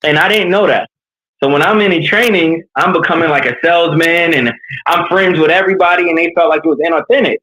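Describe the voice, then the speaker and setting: A man's voice: on the high side, fast talker, poor audio. A man from New York, a leadership coach, talking candidly and earnestly in an interview, telling personal stories with energy. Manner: earnest, animated storytelling.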